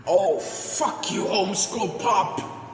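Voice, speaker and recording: A man voicing a foul-mouthed, hyper male cartoon cat in amateur voice acting, talking erratically and bursting into yells. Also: high-pitched, takes it slowly, faint music behind. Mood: ranting. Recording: echoey room, far from the mic.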